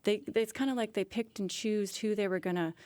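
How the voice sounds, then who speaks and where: Candid woman, smooth low voice. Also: a little fast, a little mellow, dry recording. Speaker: musician and arts organization leader. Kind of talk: panel discussion on a call.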